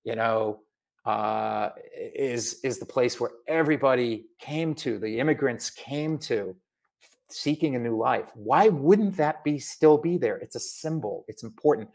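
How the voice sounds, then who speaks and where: A middle-aged man from Massachusetts, an author chatting in an interview, animated and full of asides. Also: medium pitch, measured pace, creaky. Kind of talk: casual video interview.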